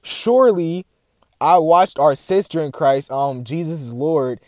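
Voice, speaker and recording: A young man chatting casually to camera and recounting a dream, rambling with lots of filler words and animated bursts. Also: fairly high pitch, unhurried, no room sound, studio quality. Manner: rambling, heavy "like" filler, addresses "guys"; excited and animated retelling. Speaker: vlogger sharing a dream.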